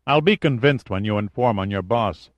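A man voicing a calm, commanding male hero who speaks level and firm, in a dull lo-fi audiobook recording. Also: on the low side, normal speed, no room sound, close to an everyday voice.

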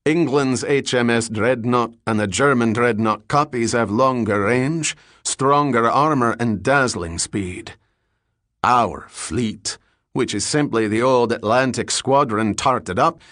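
A man's voice: medium pitch, slow pace, fairly bright tone, no room sound, clean studio sound. A man putting on a hearty Scottish ex-boxer. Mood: scoffing. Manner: hearty, evasive, rolling speech. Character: big jovial drunk Scottish ex-boxer, 40s.

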